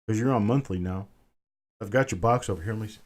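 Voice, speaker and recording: A man's voice: fairly low pitch, fast. A middle-aged man hosting a live coin auction stream, casually chatting with viewers and answering their comments by name. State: a bit winded.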